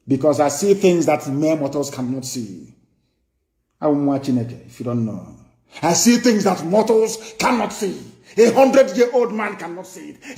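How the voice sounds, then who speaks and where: A man from southeastern Nigeria, heard with a Nigerian accent, addresses followers in a live political broadcast that is scornful, impassioned, and full of repeated phrases. The voice is a little high and warm, with an echoey room around it.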